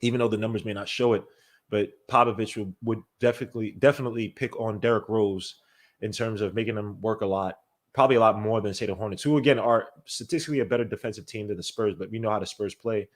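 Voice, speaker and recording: A man hosts a live basketball watch-along, talking in a somewhat low voice. He is animated and casual and breaks off his analysis to shout out viewers by name. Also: quick pace. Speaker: podcast host.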